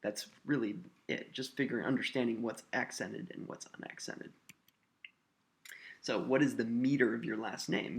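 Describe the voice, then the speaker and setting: Gravelly male teacher, lively intonation. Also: medium pitch. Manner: patient explaining, stresses syllables to demonstrate. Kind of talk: recorded tutorial lesson.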